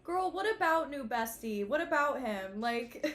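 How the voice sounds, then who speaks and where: A woman's voice: high voice, lively intonation, measured pace, a bit bright. Exasperated young woman venting on stream. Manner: exasperated, rambling, heavy use of "like" and swearing. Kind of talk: casual live-stream venting. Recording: faint music behind.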